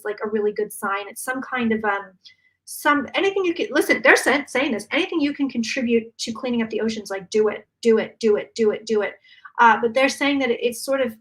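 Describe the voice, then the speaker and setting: A woman psychic channeling predictions live, talking fast and emphatically with many restarts. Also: on the high side, fairly bright tone.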